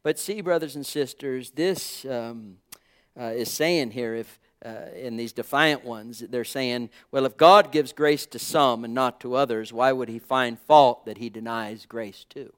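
A man preaching a sermon with fervent calls that drop to quiet, halting reflection. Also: mid-range voice. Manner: fervent, swings between loud exclamations and quiet reflection; halting, with frequent uh and um.

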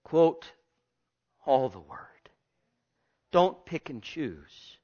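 A male pastor preaching a sermon, swinging between loud and hushed and repeating his phrases, with questions put straight to the congregation. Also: on the high side, sing-song, extremely slow, long pauses, highs cut off. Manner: asks the congregation direct questions.

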